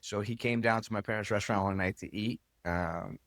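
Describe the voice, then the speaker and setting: A man's voice: lowish voice, brisk, fairly bright tone, dry recording. A man, a podcast guest, casually telling a story about his past, with lots of fillers and quoted speech. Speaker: podcast guest, club owner.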